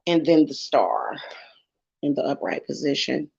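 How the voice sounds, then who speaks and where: A woman's voice: sits low, lively intonation, a little slow, vocal fry, darkish tone, breathy edge, dull audio. A woman tarot reader talking bluntly and casually on a livestream. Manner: blunt and chatty.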